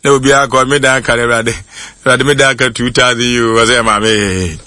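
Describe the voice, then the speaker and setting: A man's voice: medium pitch, level tone, fast talker, sharp tone. A man with a Ghanaian accent, hosting a casual chat and laughing often as he mixes English words into his talk. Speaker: show host.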